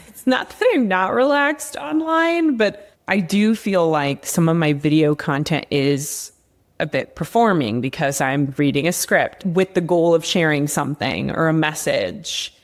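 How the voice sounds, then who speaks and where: A woman's voice: low-pitched, animated, slow pace. A young adult woman, a leadership coach, talking candidly and upbeat in a casual conversation.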